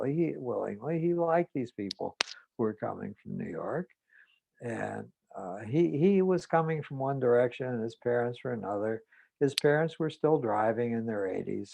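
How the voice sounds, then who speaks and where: A man, a psychotherapist, telling a clinical case story in a measured way with hesitant pauses. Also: mid-range voice, gravelly, warm tone, dry recording, poor audio. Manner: measured, with hesitant fillers and restarts.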